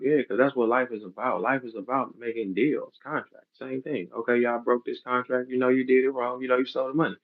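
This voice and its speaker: A man's voice: medium pitch, fairly even intonation, fairly quick. A man ranting bluntly in a heated podcast, heavy with profanity and street slang, explaining a business dispute. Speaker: battle rap league owner. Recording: dull lo-fi audio.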